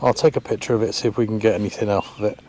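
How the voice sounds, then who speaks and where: A man's voice: lowish voice, steady tone, racing, darkish tone, slight background noise. A man vlogging his metal detecting in a farm field, thinking aloud in a hesitant, chatty way as he talks to the camera. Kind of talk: casual commentary to camera. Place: open farm field outdoors.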